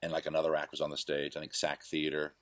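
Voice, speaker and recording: A man's voice: rumbling low, monotone, quick pace, fairly bright tone, no echo. A man hosting his own show, casually telling rambling, self-correcting stories from his past. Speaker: host. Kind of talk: casual storytelling monologue.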